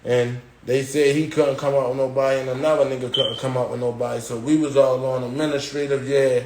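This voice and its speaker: A man casually telling a long story on a live stream, dropping "yo" and "boom" as he goes and acting out the voices of others. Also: brisk, roomy sound, background noise. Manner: animated retelling, acting out quoted guards and inmates with raised pitch; slangy, repeats "yo" and "boom". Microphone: phone.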